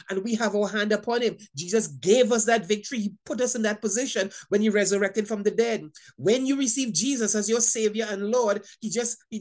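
A woman preaching a Bible lesson in an emphatic, repetitive way, often stammering over words and laughing between points. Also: mid-range voice. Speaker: Bible teacher. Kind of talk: sermon teaching.

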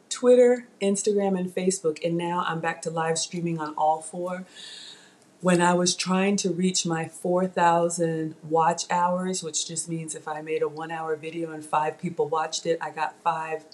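A woman's voice: on the low side, a little hiss or hum. A young woman from Ghana with a light Southern US accent, hosting a chatty live cooking stream and talking straight to her viewers through a tablet mic. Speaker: cooking channel host.

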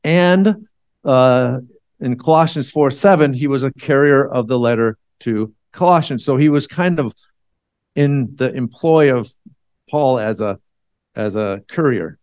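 Male church elder, mid-pitched, dry close sound, chatty sermon delivery with ums and restarts. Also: a little slow, a little mellow, clear, resonant tone, no room sound. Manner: conversational, with frequent fillers and restarts.

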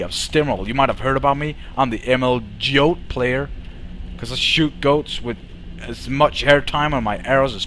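A young man streams his game live and comments on it, bragging and swearing in loose banter. His voice is mid-pitched and he talks close to a desk mic. Faint game music runs in the background. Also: fairly bright tone. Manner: cocky, boastful, swearing banter.

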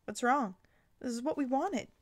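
A woman's voice: high-pitched, normal speed, no echo, pitched above the performer's own voice, close to an everyday voice. A woman reading the lines of Santa, an earnest, worried father and uncle, in a plain, sincere voice.

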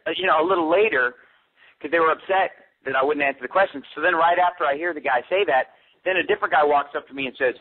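A pastor as a radio interview guest, telling a story in an animated way and quoting the people he met. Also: a little high, fast talker. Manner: animated storytelling with quoted dialogue. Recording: tinny phone line.

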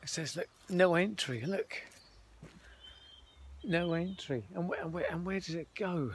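A man's voice: high voice, measured pace, slight background noise. A man rambling casually to his viewers, calling them folks, while walking outdoors and filming on a handheld phone. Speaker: vlogger. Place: outdoors, walking around town.

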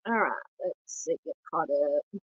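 Woman, Southern accent, nasal scratchy cold voice, earnest halting host, dry dull lo-fi audio. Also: sits low, husky, no room sound. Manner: earnest, halting, many fillers, greets chat by name. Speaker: true crime livestream host. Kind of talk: casual livestream talk.

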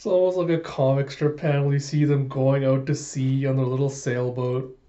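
A man casually reviewing a comic chapter, retelling scenes with chuckles and animated voices, on a slightly dull recording. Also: medium pitch, moderate pace. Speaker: manga reviewer.

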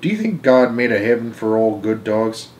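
A man's voice: fairly low pitch, lively intonation, normal speed, darkish tone, lightly acted. A man voicing a heartbroken young boy. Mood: earnest. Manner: pleading, heartbroken. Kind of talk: storybook read-aloud.

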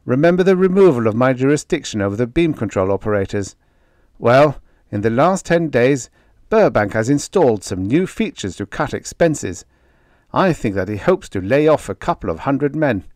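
A man voicing an excited, breathless male engineer bursting in with urgent news. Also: mid-range voice, normal speed, no echo, pitched above the performer's own voice, natural voice.

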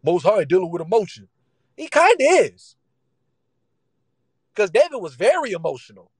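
A man's voice: sits high, sing-song, moderate pace, breathy edge, no room sound, poor audio. A man preaching a sermon in casual vernacular, emphatic and repetitive, acting out the voices he quotes.

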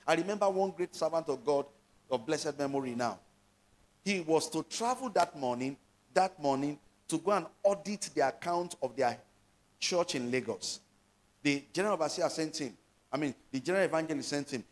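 A male pastor delivers a sermon, reading Bible verses aloud and explaining them. His voice sits a little above the usual pitch for a man. He keeps turning to his listeners with questions as he preaches. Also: expressive, normal speed. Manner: preaching with call-and-response questions.

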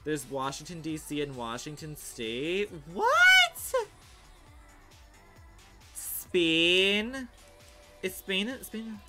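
A young man livestreaming and commenting casually on a game he is playing, in a sassy, theatrical way that swings into outraged shouts. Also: on the high side, animated, a little slow, few pauses, over music.

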